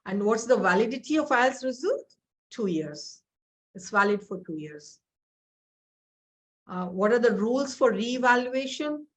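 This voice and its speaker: A woman's voice: a little high, expressive, a little slow, pauses often, fairly bright tone. A middle-aged woman with an Indian accent, teaching an English exam webinar in a direct, instructive way and often asking rhetorical questions. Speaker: IELTS trainer.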